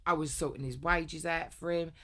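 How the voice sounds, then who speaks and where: A woman's voice: low voice, fairly even intonation, normal speed, pushed and bright. A woman telling a long personal story in a rambling, blunt way, swearing often. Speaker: vlogger. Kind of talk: casual storytelling rant.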